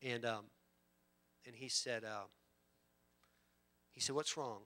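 A man preaching a sermon, swinging from loud emphatic bursts to hushed storytelling. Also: medium pitch, steady tone, takes it slowly. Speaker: pastor.

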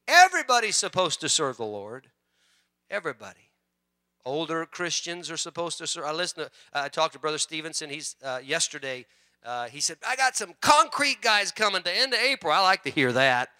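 A male pastor preaching a sermon with prayer and scripture reading, fervent and rising loud on his exhortations, often repeating words. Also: a little high, very animated, moderate pace, dry recording.

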